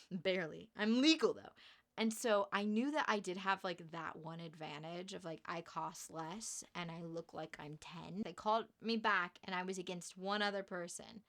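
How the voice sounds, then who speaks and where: A young woman tells a story to her camera in a bright, clear voice. She is lively and chatty, laughs often, and slips into quick impressions of the people in her story. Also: on the low side. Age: young adult. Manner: animated, laughing, acts out quoted voices. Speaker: vlogger. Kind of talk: casual storytelling vlog.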